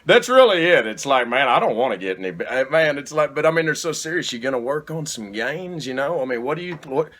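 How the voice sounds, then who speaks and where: A man's voice: on the high side, quick pace, hardly any pauses. A young adult man hosting a casual podcast chat, telling stories with lots of swearing and laughter. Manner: animated storytelling, frequent swearing and laughter. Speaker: podcast host.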